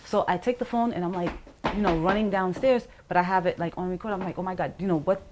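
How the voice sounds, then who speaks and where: A woman's voice: lowish voice, fast, noisy background. A middle-aged woman giving a personal account in an interview, rambling and full of fillers like "you know" and "like", acting out what people said. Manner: rambling, filler-heavy retelling with acted-out quotes. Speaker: interview guest.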